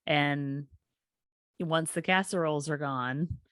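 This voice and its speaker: A woman's voice: low voice, takes it slowly, fairly bright tone, clear, resonant tone, dry recording, studio quality. A woman, hosting a casual podcast conversation and responding as an empathetic listener. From US South. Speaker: podcast host.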